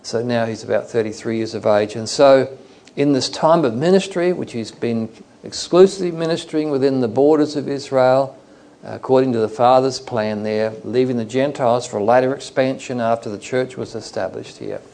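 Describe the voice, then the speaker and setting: A man from Australia preaching a Bible study in a loose, conversational way, pausing with fillers as he explains the text. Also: mid-range voice, gravelly, a little mellow.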